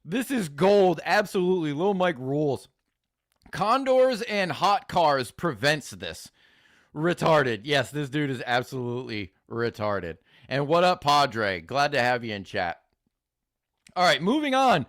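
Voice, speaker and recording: A man hosting a live reaction stream, talking in an excitable, profane, mock-enthusiastic way. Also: mid-range voice, slow pace, no room sound, clean studio sound. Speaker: host reacting to videos.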